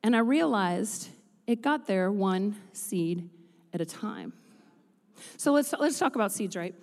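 A woman pastor preaching a sermon in a church, swinging from chatty, joking asides into loud, rhythmic preaching. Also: medium pitch, expressive, unhurried. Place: church sanctuary. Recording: long reverb of a large hall.

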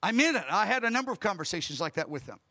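Emphatic man preaching, bright and animated, voices the people in his stories. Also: high voice, racing. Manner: emphatic, acts out dialogue in storytelling. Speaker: pastor. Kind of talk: sermon.

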